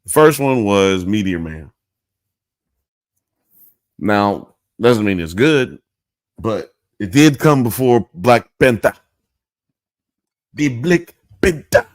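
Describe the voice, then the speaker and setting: A man's voice: fairly low pitch, lively intonation, takes it slowly, long pauses, no echo, studio quality. A man hosting a live show, chatting in a loose, rambling, slangy way. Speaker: podcast host. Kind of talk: casual live-show chat.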